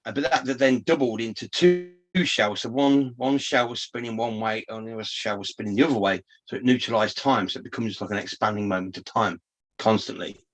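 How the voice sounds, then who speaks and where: A podcast co-host with a lowish voice chats briskly, telling a meandering story full of curses and false starts in an animated way.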